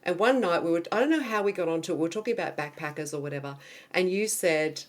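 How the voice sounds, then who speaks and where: A woman's voice: fairly low pitch, lively intonation, fast. Chatty woman interviewer. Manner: chatty anecdotal storyteller. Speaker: podcast host, interviewer. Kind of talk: friendly interview chat.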